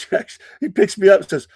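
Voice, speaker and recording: A man, a podcast host and preacher, telling stories in a casual, animated way, often breaking into laughter. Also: no room sound. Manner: animated, laughing often, acting out quoted people.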